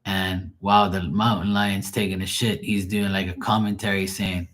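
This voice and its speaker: A man spins rambling, profanity-laced stories for a livestream audience, often breaking into laughter. His voice sits on the low side, easy and conversational. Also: flat delivery, moderate pace, few pauses, a bit bright. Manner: loose, rambling storytelling with heavy slang and profanity. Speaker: streamer doing live tarot reads. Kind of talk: casual livestream chat.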